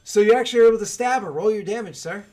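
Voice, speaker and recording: Animated man running a tabletop game. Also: high-pitched, very fast. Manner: animated storytelling, loose filler words. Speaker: game master.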